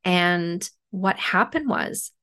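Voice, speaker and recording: A woman podcast host and medium telling a personal story in a casual, animated way, acting out the dialogue. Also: fairly low pitch, extremely slow. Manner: animated retelling with acted-out dialogue.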